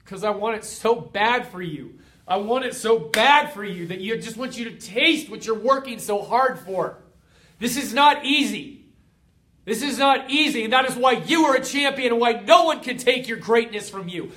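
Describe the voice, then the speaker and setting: Motivational host, young man, high bright voice, fervent and emotional, repeats his lines for emphasis. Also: expressive, normal speed. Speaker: motivational host of a fitness community. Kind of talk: motivational pep talk.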